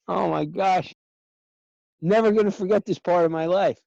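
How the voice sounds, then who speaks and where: A middle-aged man telling a story in casual conversation, animated and acting out past dialogue. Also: sits high, creaky, no echo, dull audio. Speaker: guest recalling early sessions.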